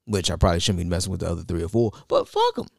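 A man with children, in casual chat, blunt and profane, telling stories with lively delivery. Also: deep voice, rapid-fire, creaky, no echo, clean studio sound. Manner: blunt, profane, animated, laughs at his own jokes.

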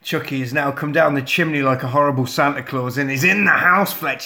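A man retelling a film plot in casual, animated, sweary storytelling. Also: fairly high pitch, a little fast, roomy sound.

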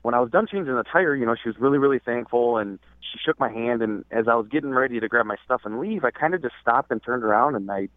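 A man's voice: mid-range voice, quick pace, few pauses, dry recording. Male caller on a tinny phone line. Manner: hesitant, filler-heavy. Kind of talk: telling a story on the phone.

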